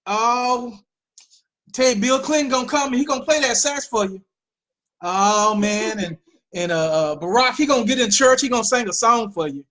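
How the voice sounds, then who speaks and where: A woman hosting a political commentary show, talking in an animated way with mocking asides and repeated phrases. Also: a little high, normal speed. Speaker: host.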